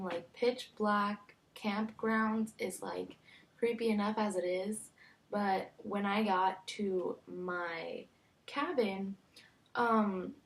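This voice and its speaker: A young woman vlogger telling a story casually, chatty and animated, acting out quoted lines. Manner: chatty, animated, acts out quotes with big pitch jumps.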